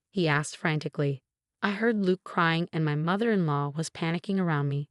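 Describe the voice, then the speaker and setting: A woman reading a scripted first-person story in an even, steady way. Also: deep voice, normal speed, dry recording, studio quality. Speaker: story narrator.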